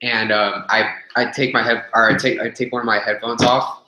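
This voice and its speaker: A young man's bright, forceful voice sits at a medium pitch with little rise or fall, moving at normal speed as he tells a gym story for a relaxed webcast. The story meanders, laced with profanity, fillers and restarts. Audio is echoey, from a room webcam.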